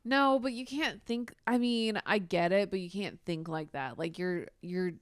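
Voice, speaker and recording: A woman's voice: medium pitch, clean tone, dry recording, studio quality. A woman hosting a casual podcast chat, reacting and pushing back on her guest. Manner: reactive, quick to laugh along and push back. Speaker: podcast host.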